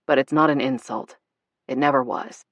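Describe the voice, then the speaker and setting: A blustering, teasing grown man from an audiobook, read by a woman narrator. The voice sits low and gruff, recorded dry and close with no room sound. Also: steady tone, normal speed, no room sound. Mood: earnest.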